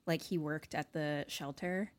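A woman's voice: low voice, fairly even intonation, a little slow, dry recording. Wry, laid-back woman podcast co-host. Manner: wry, laughing, casual swearing. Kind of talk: casual chat.

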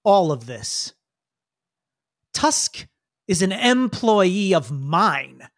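A man's voice: high voice, very animated, dry recording, studio quality, heavily acted. A man voicing a smug, taunting young male villain in a tabletop game. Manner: sneering, taunting, slow and smug. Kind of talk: game master voicing a character.

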